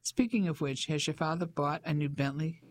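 An audiobook narrator voicing a spirited Englishwoman who speaks briskly and self-assuredly. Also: low voice. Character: spirited Englishwoman living abroad.

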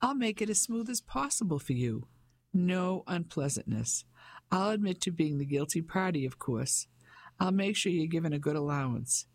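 Man doing a pompous 50-something businessman, blustery and talking down, gravelly, dry close mic. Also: a little high, animated, normal speed, no room sound. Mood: patronizing. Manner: blustering, patronizing. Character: pompous fifty-five-year-old English businessman husband. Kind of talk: audiobook character voice.

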